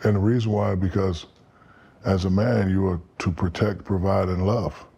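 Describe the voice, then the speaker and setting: A man in his fifties tells stories as a podcast guest, with a low, dark, husky voice. He is profane and animated, and he acts out the people he quotes. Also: normal speed. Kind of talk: storytelling in casual interview.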